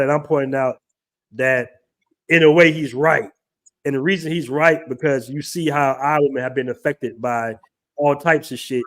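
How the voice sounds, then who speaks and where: A man's voice: medium pitch, fairly bright tone. A man hosting a live stream, talking in a loose, slangy, conversational way. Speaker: livestream host. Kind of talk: casual live-stream chat.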